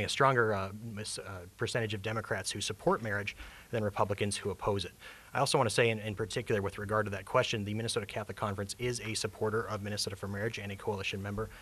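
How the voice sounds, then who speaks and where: A man speaking as executive director of an advocacy group at a press conference, firm and emphatic, building to forceful points. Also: on the low side.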